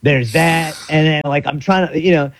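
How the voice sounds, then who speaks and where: A man's voice: a little high, normal speed, a little hiss or hum, rough recording. A man from South Florida co-hosting a radio show, rambling and acting out his inner monologue as he tells a story. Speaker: radio co-host. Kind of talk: casual radio talk.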